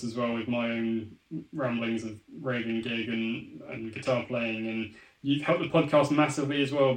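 Flat-voiced male host in an echoey room. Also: mid-range voice. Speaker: podcast host. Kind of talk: casual interview chat.

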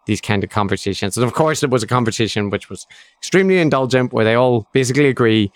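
A man's voice: medium pitch, animated, quick pace. A man co-hosting a podcast in casual chat, wry and ironic, often laughing. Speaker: podcast co-host.

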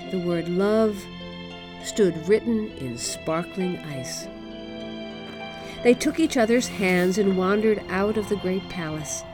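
A woman reading a fairy tale aloud in a gentle, expressive storybook manner. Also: fairly low pitch.

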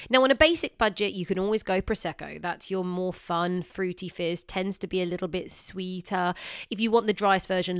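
A woman's voice: medium pitch, clear, resonant tone, dry recording, clean studio sound. A woman hosting a podcast, talking in a casual, chatty way with light self-teasing asides. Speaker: wine podcast host. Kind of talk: casual solo podcast talk.

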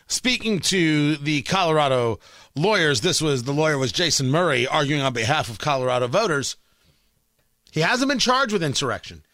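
A man's voice: fairly high pitch, bright, forceful tone, dry recording, studio quality. A man hosting a talk radio show, delivering a combative, emphatic monologue and repeating lines for punch.

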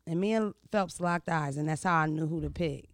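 A woman, hosting a podcast and telling stories in a brash, profane, animated way. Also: low voice, fairly quick, no room sound. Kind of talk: casual storytelling chat.

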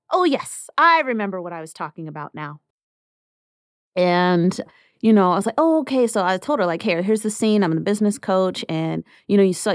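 In clean studio sound without echo, a podcast host in her thirties talks casually in a fairly low voice, performing the dialogue of the people she quotes.

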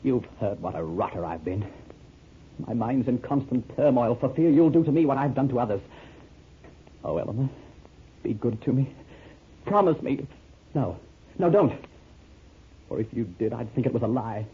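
A man's voice: medium pitch, lively intonation, normal speed, pauses often, husky. A jittery guilt-haunted man. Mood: pleading. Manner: nervous, overwrought, prone to panic. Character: guilt-haunted, superstitious man named Robert. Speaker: radio drama actor. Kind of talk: 1930s radio acting. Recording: dull 1930s radio recording with faint hiss.

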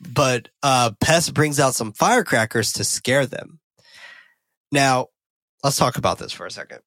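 A man's voice: medium pitch, lively intonation, measured pace, a bit bright, dry recording. A man co-hosting a podcast, recapping a film in a loose, profane way and often correcting himself mid-sentence. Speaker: podcast co-host. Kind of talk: casual film recap and discussion.

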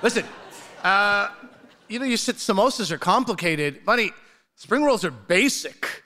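A man's voice: high voice, expressive, unhurried, bright, forceful tone. A man sparring in a live comedy debate, wry and jabbing.

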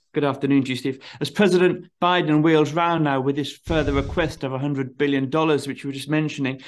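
A man appearing as a guest commentator on a talk show, speaking in a measured, formal way with some hesitations. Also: a little high.

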